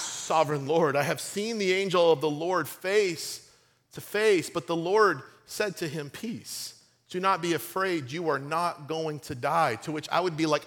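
A man preaching a sermon, retelling a scripture story in a casual, animated way with playful asides and acted-out quotes. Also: sits high. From United States. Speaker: pastor.

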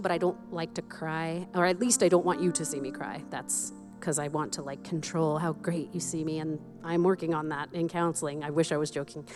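A woman pastor delivers a sermon in a fairly low voice, candid and self-deprecating as she laughs at herself between points. Soft music plays faintly behind her.

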